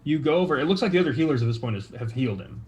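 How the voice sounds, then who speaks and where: A man's voice: fairly high pitch, lively intonation, racing, a little mellow. A man narrating a tabletop game as game master, in a loose, filler-heavy way.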